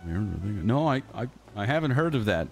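Man playing a low-voiced hesitant gambler. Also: very animated, a little slow, gravelly, soft background music, exaggerated voice. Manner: hesitant, stammering. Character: male gambler friend, hesitant. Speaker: role-player. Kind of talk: improvised game role-play.

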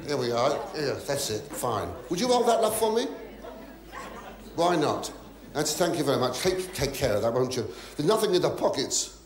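A man works a live theatre crowd in fussy, flustered stand-up patter, tripping over his own restarts and asides. His voice sits a little high. The hall rings with echo, and loud audience laughter and noise surround him. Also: big pitch swings, normal speed. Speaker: stand-up comedian.

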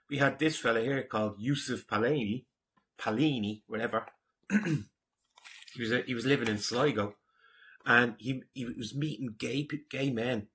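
A man's voice: mid-range voice, fairly bright tone. An Irish man reading out comments in a casual vlog, rambling, combative and mocking. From Ireland. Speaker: online commentator.

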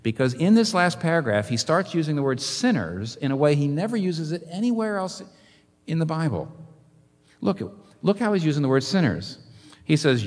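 A male pastor preaches a sermon animatedly, using rhetorical questions, in a hall with long, echoing reverb. His voice is a little high at normal speed.

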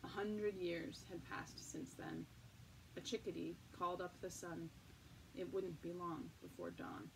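A woman narrating a novel in a calm, measured storytelling voice. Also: fairly low pitch, vocal fry. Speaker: audiobook narrator. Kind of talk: scripted narration. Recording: distant mic, faint noise.

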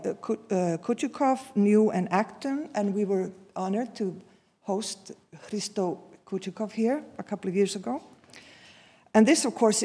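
Icelandic-born academic woman, sixties, slightly breathy, personal intro from a lecture hall podium with reverb. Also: medium pitch. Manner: warm, personal, with frequent restarts and fillers. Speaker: seminar speaker introducing the guest. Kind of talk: formal introduction speech.

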